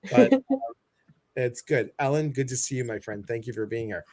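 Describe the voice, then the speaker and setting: A man with a Midwestern American accent hosts a casual livestream, greeting viewers by name and joking over a video call. His voice is medium-pitched, mellow, and brisk.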